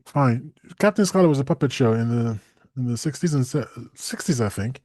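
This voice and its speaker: A man co-hosting a casual talk show, animated, often laughing and acting out bits. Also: mid-range voice, a little fast, no room sound, studio quality. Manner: animated, laughs often, acts out silly voices. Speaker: co-host. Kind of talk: casual chat.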